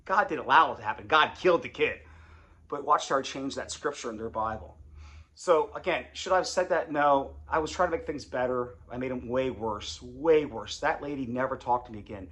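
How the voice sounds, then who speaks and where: A man's voice: mid-range voice, fairly quick, pushed and bright. A man and former congregation elder telling his story in a casual, confessional way, rambling and repeating phrases.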